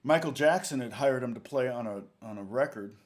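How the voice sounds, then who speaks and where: A man's voice: mid-range voice, a little fast. Rambling man telling a session story. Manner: rambling, self-correcting, chuckling anecdote. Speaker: guitar teacher and channel host. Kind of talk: casual storytelling in a lesson.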